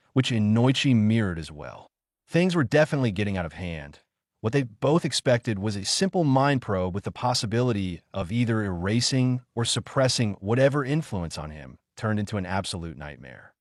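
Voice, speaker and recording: Man, storyteller, low voice, lively pitch, dry close sound. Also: no room sound. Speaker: reader. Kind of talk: fan fiction reading.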